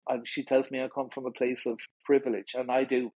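Man, middle-aged, Irish accent, interview guest, halting restarts, husky, dry studio sound. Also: mid-range voice, level tone, darkish tone, no echo, poor audio. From Ireland. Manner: halting, repeats words and restarts often. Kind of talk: candid interview conversation.

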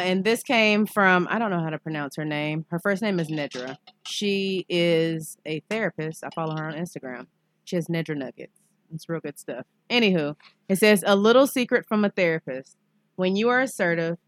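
A woman with a lowish voice speaks bluntly and frankly on a casual podcast, swearing without care. The sound is dry and close. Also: dry recording. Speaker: podcast co-host. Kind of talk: casual chat.

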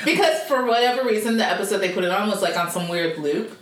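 A woman's voice: mid-range voice, lively intonation, fast. A young woman in casual podcast chat, giggly and cursing freely. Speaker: podcast co-host. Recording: echoey room.

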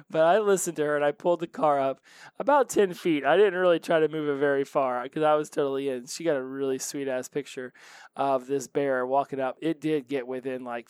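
A man's voice: medium pitch, clean tone, no echo. Chatty man hosting a solo podcast. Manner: chatty, animated storytelling with laughs. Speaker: podcast host.

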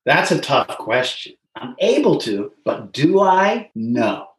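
Animated American man telling stories. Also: medium pitch, takes it slowly. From United States. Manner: animated storyteller who acts out voices. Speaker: interview guest. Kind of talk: casual storytelling interview. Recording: roomy echo.

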